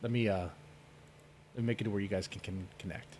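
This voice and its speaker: A man's voice: fairly low pitch, fairly even intonation, brisk, a little mellow, a little hiss or hum. A man hosting a casual livestream debate, rambling and joking with his chat. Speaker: stream host.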